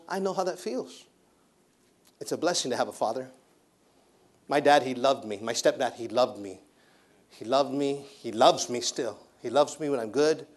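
A man preaching a sermon as a missionary pastor, with an emphatic delivery that repeats phrases. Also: a little high.

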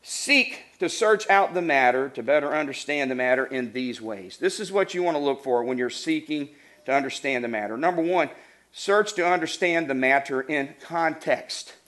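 A man's voice: a little high, normal speed. A middle-aged man preaching a sermon, telling funny stories and then laying out numbered points. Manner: animated, acts out voices, laughs while telling stories. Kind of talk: sermon with humorous storytelling.

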